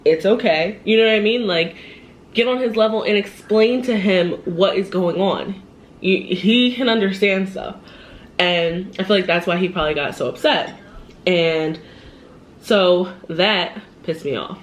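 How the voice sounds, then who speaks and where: A woman telling a personal story in a casual vlog, animated and upset, laughing and quoting the people in it, a little shaky. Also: medium pitch, a little slow. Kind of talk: casual storytime while eating.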